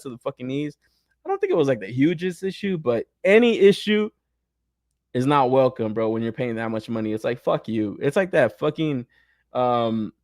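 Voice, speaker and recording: A young man hosts a toy podcast in loose, profane chat, swinging between laid-back talk and mock rants full of laughter. His voice sits at a middle pitch, and the recording is close and dry with no room sound. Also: no echo. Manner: profane, animated, frequent laughter. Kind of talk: casual chat.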